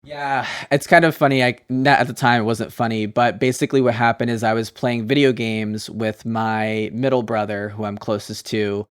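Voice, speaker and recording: A man, an interview guest, candidly telling a personal story with emotion and quick restarts. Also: medium pitch, fairly even intonation, clear, resonant tone.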